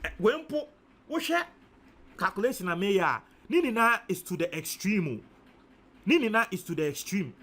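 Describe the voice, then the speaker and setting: A man's voice: high voice, animated, moderate pace, sharp tone. A Ghanaian man giving casual commentary, thinking aloud as he works through figures, repeating numbers and mixing in Twi phrases. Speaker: news commentator.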